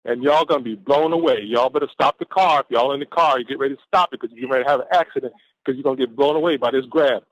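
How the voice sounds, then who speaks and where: Over dull, lo-fi conference call audio, a caller from Atlanta, Georgia, USA gives his team an exuberant, preacher-like pep talk. His voice is medium in pitch and quick, and he stretches out his key words.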